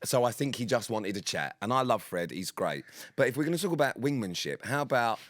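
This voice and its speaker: A man co-hosting a podcast in casual chat, blunt and emphatic, swearing freely and quick to defend himself. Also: mid-range voice, sing-song, dry recording, studio quality. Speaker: podcast co-host.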